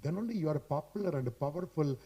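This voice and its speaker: This man's voice is fairly high, animated, and warm with a slight roughness, and he talks fast. With an Indian English accent, he delivers a repetitive, emphatic motivational speech on public speaking to a live hotel-hall crowd through a handheld mic. He chats directly with the audience, punctuating points with "boss."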